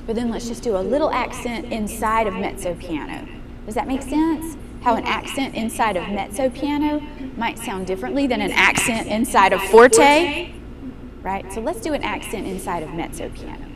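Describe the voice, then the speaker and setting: A woman's voice: fairly high pitch, expressive, a little fast, crowd noise. A woman piano teacher coaching a young student in a master class, encouraging and asking guiding questions. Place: room with a piano. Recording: piano music in the room.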